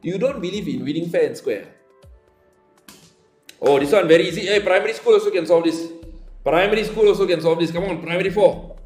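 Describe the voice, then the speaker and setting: A man's voice: high-pitched, a little fast, long pauses, darkish tone, reverberant, soft background music. A man with a Singaporean accent teaching a live online maths lesson, chatting playfully and teasing students as they compete in a quiz. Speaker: maths tutor.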